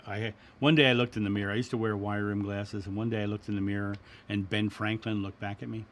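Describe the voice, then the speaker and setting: A middle-aged man hosting a spiritual livestream, talking in a gentle, reflective way as he answers viewers. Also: on the low side. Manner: gentle, reflective, repeats words and restarts. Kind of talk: casual spiritual talk.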